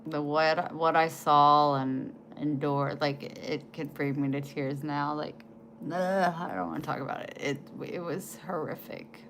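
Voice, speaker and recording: Lady in her 40s vlogging, kinda low voice, halting and emotional, faint hiss behind. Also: steady tone, fairly bright tone. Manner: emotional, halting, trails off and restarts. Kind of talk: casual chat to camera.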